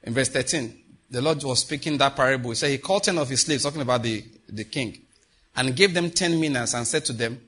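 A man's voice: medium pitch, a little fast, fairly bright tone, slightly rough. A man preaching a sermon, reading scripture and leading the congregation in repeated declarations with emphatic delivery.

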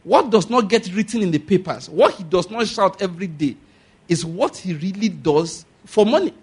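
A man preaches a lively sermon. His voice sits fairly high and has a husky edge. He keeps checking in with the congregation, asking for amens and whether they get his point. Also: moderate pace. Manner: animated preaching with call-and-response questions. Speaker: pastor.

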